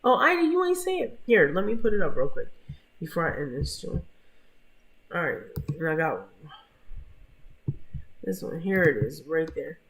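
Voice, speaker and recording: A woman hosting a casual live-stream gossip commentary, chatting to viewers in the chat by name with drawn-out asides. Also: low voice, very animated, a little hiss or hum.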